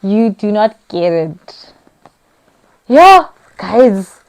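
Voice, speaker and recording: A young South African woman vlogging in a casual, excitable, giggly way, switching between languages. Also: mid-range voice, very slow. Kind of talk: casual vlog chat.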